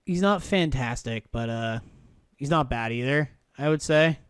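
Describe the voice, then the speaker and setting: A man's voice: mid-range voice, measured pace, clear, resonant tone, no echo, clean studio sound. A man playing a baseball video game on a live stream, muttering, thinking aloud and swearing freely as he checks player moves. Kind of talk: casual live-stream commentary.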